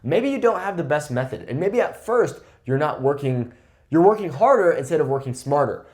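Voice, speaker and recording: A Spanish teacher in his twenties talks casually to camera in a talking-head lesson, lively and emphatic, repeatedly checking in with "okay?". His voice is on the high side, at a moderate pace.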